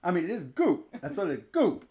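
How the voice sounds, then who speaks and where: A man's voice: high-pitched, huge pitch swings, quick pace, dark tone. A man from Tennessee, patiently teaching tones to his co-host with a teasing humor. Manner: patient, teasing, drills syllables. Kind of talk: casual teaching chat.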